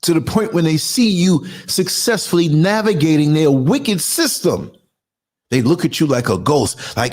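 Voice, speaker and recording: A man's voice: fairly high pitch, very animated, unhurried, darkish tone. A man in his sixties hosting his own podcast, giving a fiery, indignant monologue with strong emphasis. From United States. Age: 60s. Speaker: podcast host and culture critic. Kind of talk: ranting monologue.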